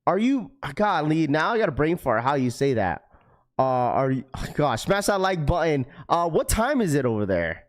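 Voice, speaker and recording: A man's voice: a little high, very animated, moderate pace. A man hosting a casual livestream, greeting viewers by name. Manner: laid-back, many fillers, greets viewers by name. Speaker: livestream host.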